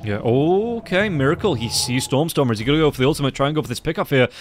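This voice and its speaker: A man giving rapid play-by-play commentary on an esports match as caster. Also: medium pitch, soft background music. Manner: rapid, excited play-by-play calls.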